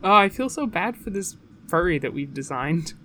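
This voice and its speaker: A podcast co-host in casual chat, excitable and exclamatory, with some swearing. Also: medium pitch, moderate pace, slight background noise.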